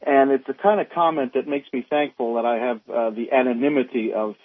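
Heated caller on a tinny phone line. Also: male voice, mid-range voice, steady tone, no room sound. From northern United States. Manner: halting, many restarts, heated. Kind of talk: call-in radio comment.

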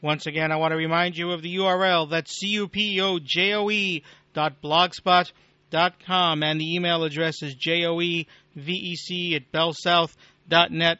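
A man's voice: fairly high pitch, fairly even intonation, normal speed, bright, forceful tone, clear, resonant tone, no room sound. A man hosting a political talk radio show, ranting bluntly and sardonically and swearing casually. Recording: dull lo-fi recording.

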